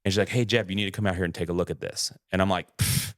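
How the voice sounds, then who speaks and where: A man's voice: low voice, steady tone, very fast. A man co-hosting a podcast, telling a story in a casual way, acting out quoted lines and swearing freely. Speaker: podcast co-host.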